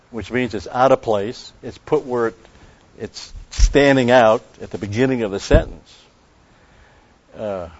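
A man teaching the Bible in an expository sermon, emphatic, repeating key phrases and slowing down on Greek words. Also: on the low side, darkish tone. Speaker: preacher. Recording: dull lo-fi recording.

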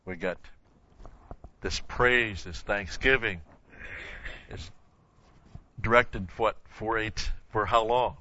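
Emphatic male Bible teacher, bright voice. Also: on the low side, slow pace, pauses often, dull audio, a little hiss or hum. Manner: asks the class questions and answers them himself; stresses key words with emphatic repetition. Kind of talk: verse-by-verse Bible lesson.

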